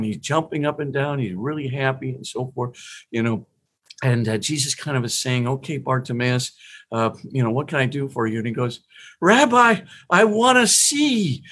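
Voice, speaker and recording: A middle-aged priest giving conversational spiritual teaching, retelling gospel scenes with animation and briefly voicing the people in them. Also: male voice, a little high, a bit bright, breathy edge. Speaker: priest and podcast guest.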